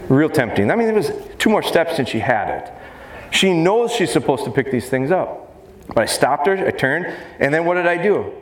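A man who trains dogs, giving a live seminar and talking fast and jokingly with the crowd in a large hall. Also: on the high side. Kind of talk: live seminar talk to an audience. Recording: roomy live hall sound, faint noise.

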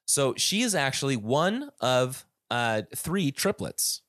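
A man's voice: mid-range voice, big pitch swings, slow, fairly bright tone, no echo, clean studio sound. A man hosting a casual podcast about a music album, rambling with many restarts and fillers. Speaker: podcast host.

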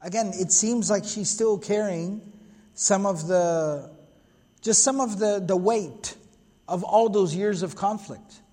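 A man's voice: high-pitched, takes it slowly, mellow, long reverb tail. A man giving an earnest religious history lecture, explaining at length and quoting Arabic passages. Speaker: Islamic lecturer.

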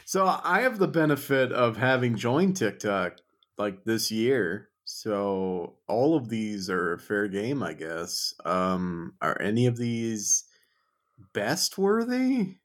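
A man's voice: lowish voice, very animated, takes it slowly. A man co-hosting a podcast in casual chat, rambling and self-deprecating. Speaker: podcast co-host.

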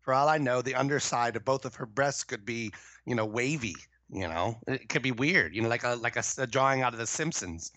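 A man's voice: mid-range voice, a little fast, bright, forceful tone, no echo. A man co-hosting a casual podcast, wisecracking in a mock-serious way. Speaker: co-host.

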